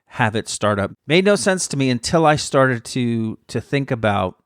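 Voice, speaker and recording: A man's voice: medium pitch, sing-song, normal speed, smooth, no room sound, studio quality. A man co-hosting a podcast, telling rambling, self-mocking stories in casual chat. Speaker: podcast co-host.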